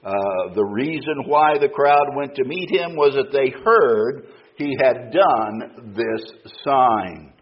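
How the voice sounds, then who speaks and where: A man delivers an expository sermon at an unhurried, measured pace. He reads scripture aloud with deliberate emphasis on the key words. The recording sounds slightly dull and lo-fi. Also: mid-range voice, lively intonation. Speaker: preacher.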